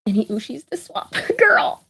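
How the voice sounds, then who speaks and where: A woman's voice: on the high side, very animated, a little slow, creaky, a bit bright, breathy edge. A woman, chatting casually on a live stream with lots of asides, fillers and laughter. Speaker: vlogger.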